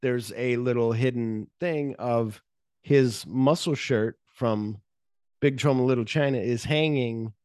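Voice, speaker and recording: A man's voice: mid-range voice, a little slow, a little mellow, smooth, dry recording, clean studio sound. A man hosting a podcast, casually recapping film scenes and acting out the characters' lines. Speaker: podcast host. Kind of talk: casual movie discussion.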